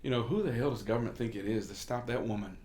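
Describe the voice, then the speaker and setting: A man's voice: medium pitch, fast, darkish tone, reverberant. A man serving as a state representative, from Kentucky, talking candidly in a casual sit-down conversation and telling stories. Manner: candid, storytelling, occasional cursing.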